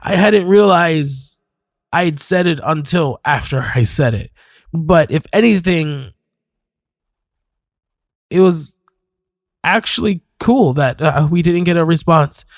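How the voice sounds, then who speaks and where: A man narrating a horror story in a measured, scripted storytelling manner. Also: on the high side, no echo, clean studio sound. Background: faint music.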